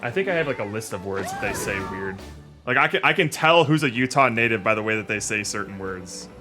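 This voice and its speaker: A man's voice: on the low side, lively intonation, a little fast, over music. A man streaming a game, chatting casually and joking with friends. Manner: playful, jokey. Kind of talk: casual gaming stream chat.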